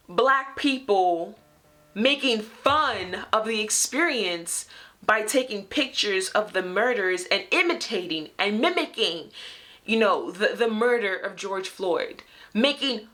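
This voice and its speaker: A young woman talks straight to her viewers, emphatic and fed up, pressing her points with sharp rhetorical questions. Her voice is bright and ringing, sitting at an ordinary middle pitch for a woman. She sounds like the host of her own commentary show. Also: animated, slow. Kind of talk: direct-to-camera commentary.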